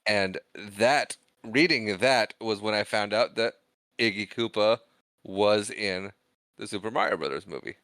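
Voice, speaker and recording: Smooth-voiced man co-hosting a podcast. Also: on the low side, unhurried, a bit bright, no echo. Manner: laughing, self-deprecating, reads credits aloud. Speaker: podcast co-host. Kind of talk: casual chat.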